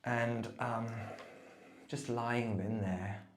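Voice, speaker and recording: A man recording a rambling, reflective voice note in a bathroom, meandering and self-mocking, sometimes dropping to a soft murmur. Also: mid-range voice, fairly even intonation, very slow, reverberant, slight background noise. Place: bathroom, at the bath. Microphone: phone voice note.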